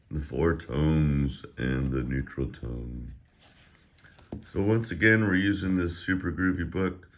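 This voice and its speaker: A middle-aged man teaching a casual online Chinese lesson, chatty and joking, who drills syllables louder and higher while his voice gets tired. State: voice getting tired.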